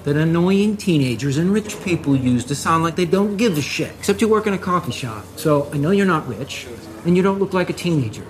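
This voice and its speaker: A man's voice: a little high, expressive, a little fast, slight background noise, natural voice. A man playing an irritated coffee-shop customer in a comedy sketch, sarcastic and blunt as he mimics a drawl.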